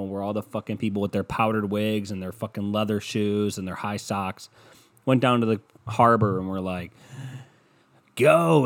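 A man hosting a casual solo podcast, rambling and swearing sarcastically while browsing online maps at his desk. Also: fairly low pitch. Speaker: podcast host. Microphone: computer mic at desk, browsing online maps.

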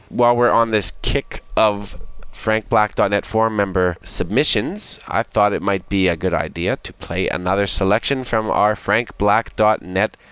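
Easygoing Canadian podcast co-host. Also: male voice, lowish voice, a bit bright, clean tone, dry recording. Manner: easygoing, self-deprecating, chatty. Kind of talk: casual podcast chat.

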